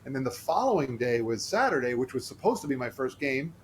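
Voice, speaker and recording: An earnest male podcast guest recounts a personal story with animated energy. He slips into the voices of the people he quotes. His voice sits at an ordinary middle pitch for a man. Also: a little fast, a little hiss or hum.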